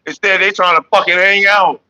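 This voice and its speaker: High-pitched and brisk, with a steady, sharp tone, a man hosts a smoking session on his casual vlog, heard through poor audio. His manner is loose and joking as he rambles and calls viewers and chat members by name.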